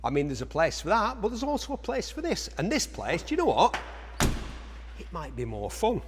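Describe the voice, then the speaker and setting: A man's voice: sits high, huge pitch swings, normal speed, slight background noise. A man presenting cars for an auction in a chatty commentary style, full of jokey asides to himself. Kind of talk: chatty car walkaround commentary. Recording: echoey large hall.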